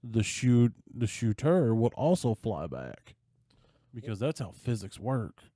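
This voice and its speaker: A man's voice: mid-range voice, slow pace, no echo, clean studio sound. A man co-hosting a podcast, telling a movie plot in casual chat and acting out the characters' lines as he goes. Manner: animated storyteller, acting out quoted lines. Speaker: podcast co-host.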